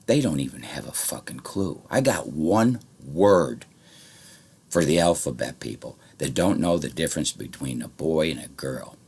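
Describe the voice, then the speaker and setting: Very deep gravelly man, rambling rant. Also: expressive, moderate pace, few pauses. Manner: profane, veers between muttering and shouting. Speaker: vlogger. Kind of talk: rambling monologue to camera.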